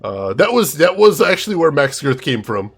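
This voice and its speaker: A man's voice: fairly high pitch, big pitch swings, moderate pace, vocal fry, slightly rough. A man casually commenting on a game he is playing, chatty with fillers. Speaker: gameplay streamer. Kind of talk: casual let's play commentary.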